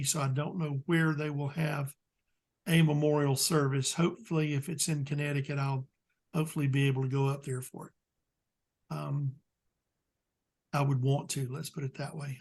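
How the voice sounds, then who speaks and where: A man's voice: on the high side, level tone, moderate pace. A man with a Southern US accent, chatting as a guest expert in an interview, plain-spoken and rambling with lots of "um"s. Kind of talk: casual interview chat.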